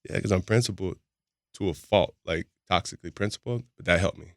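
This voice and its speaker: Male podcast guest, rapid and candid storyteller, deep voice with a dry studio sound. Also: gravelly, no room sound. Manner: candid, laughs often while telling stories. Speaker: podcast guest, boxing gym founder. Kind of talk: casual storytelling chat.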